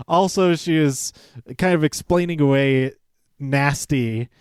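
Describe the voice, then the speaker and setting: A man with a slightly high, slow, somewhat mellow voice hosts a podcast, casually recapping a show in a clean, dry studio recording. He chats freely, interrupts himself, stumbles over words, and chuckles often, acting out quoted lines in livelier voices.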